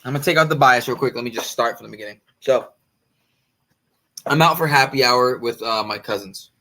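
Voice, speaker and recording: On a podcast, a male co-host tells friends a long story in a medium-pitched voice at a fairly quick clip. He's animated and swears freely, acting out the lines of the other people in the tale.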